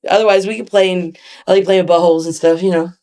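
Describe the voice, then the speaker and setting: A woman's voice: fairly low pitch, fairly even intonation, fast talker, dark tone. A middle-aged woman, a wrestler as a guest, telling stories in casual, profane chat and laughing often.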